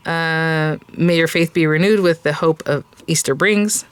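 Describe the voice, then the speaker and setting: A woman's voice: low-pitched, a little slow, clean tone. A woman hosting a craft video, chatting casually and enthusiastically while she unboxes kits, with many fillers and restarts. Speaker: craft channel host. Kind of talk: casual product unboxing chat.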